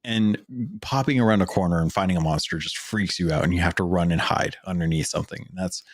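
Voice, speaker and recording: A man's voice: sits low, fast, no echo, clean studio sound. A man co-hosting a podcast, chatting casually about video games, rambling with lots of fillers and restarts. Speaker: podcast co-host. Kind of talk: casual gaming chat.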